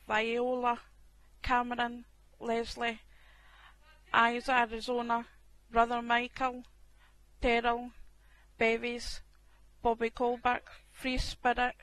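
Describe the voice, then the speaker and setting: A woman's voice: on the high side, poor audio. A woman opening an online spiritual service. She reads out a list of names and asks everyone to send healing. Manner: slow, even reading of a list of names. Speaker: service leader. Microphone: computer mic in an online voice chat room.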